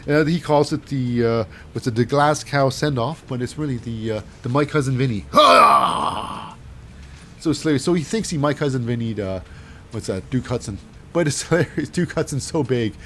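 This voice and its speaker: A man's voice: mid-range voice, brisk, slight background noise. A man casually recapping wrestling matches in a rambling, wry way with lots of fillers.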